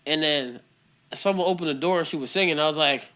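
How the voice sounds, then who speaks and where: A man, a comedian guest, telling animated stories in casual podcast chat and laughing often. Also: a little high, fairly quick.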